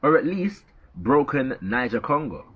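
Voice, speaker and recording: A man with a Jamaican accent explaining language in a measured, emphatic lecture style, often checking in with "yeah". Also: mid-range voice, very animated, breathy edge. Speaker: commentator on language. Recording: dull lo-fi played clip.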